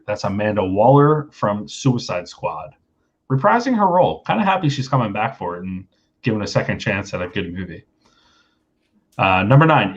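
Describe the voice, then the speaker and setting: A man with a fairly low, expressive voice hosts a casual online trivia night at a moderate pace, on lo-fi audio. Easygoing, he reads out questions and chats loosely and jokes between them on the live stream.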